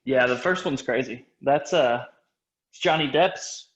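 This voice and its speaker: A man's voice: medium pitch, unhurried. Laid-back man co-hosting, muffled sound. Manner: loose, rambling, self-correcting. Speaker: podcast co-host. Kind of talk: casual gaming podcast chat.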